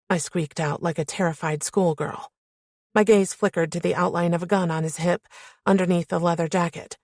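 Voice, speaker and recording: A woman narrating a first-person romance novel in a steady, intimate storytelling manner on a close mic. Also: on the low side, moderate pace, gravelly, no echo. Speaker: audiobook narrator.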